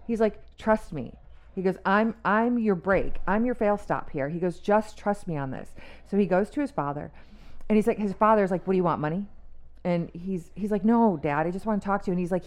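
A woman on a faith talk show, retelling a story in casual chat and acting out the quoted lines with lively emphasis. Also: mid-range voice, fairly quick. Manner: animated storyteller who acts out quotes.

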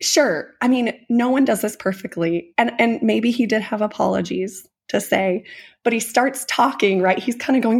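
Casual podcast co-host, a woman, warm-hearted and emotional, with a raspy edge. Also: fairly high pitch, moderate pace. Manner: earnest, emotional storyteller who gushes. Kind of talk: casual conversation retelling a film.

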